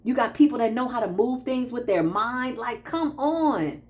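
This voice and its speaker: Woman, spiritual practitioner, casual talk to viewers, animated, playful. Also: on the high side, moderate pace. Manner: animated, laughing, quotes herself in playful asides.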